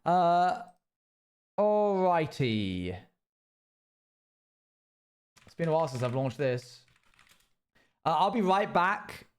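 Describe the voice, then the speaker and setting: A man's voice: fairly high pitch, sing-song, takes it slowly. A British man chatting loosely to his live-stream audience while gaming, rambling and self-mocking.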